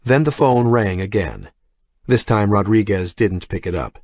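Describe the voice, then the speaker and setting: Low-voiced male audiobook narrator. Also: animated, a little slow, darkish tone, no room sound. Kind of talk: scripted narration.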